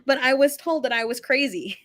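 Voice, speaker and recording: A woman guest on a live interview, telling a personal story in an animated way and laughing often between her sentences. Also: high voice, a little fast. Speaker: guest psychic medium.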